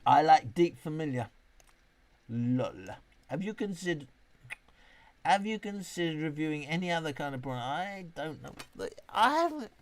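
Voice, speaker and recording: British bloke, late fifties, fairly high voice, rambling tipsy live-stream chatter, swears a lot. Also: male voice, expressive, normal speed, long pauses, darkish tone, slight background noise. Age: 50s. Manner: chatty, rambling, swears freely, reads chat aloud. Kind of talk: casual live-stream chat reading comments.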